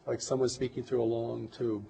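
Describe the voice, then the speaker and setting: A man giving an interview, speaking in a measured, reflective way with some halting pauses. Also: medium pitch, level tone, creaky, background noise. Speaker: interview guest. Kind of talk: earnest interview conversation.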